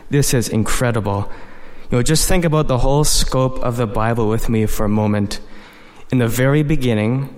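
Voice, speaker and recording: A man's voice: medium pitch, moderate pace, a little mellow, big-room sound. A man preaching a sermon, explaining scripture verse by verse in an earnest manner with frequent "you know".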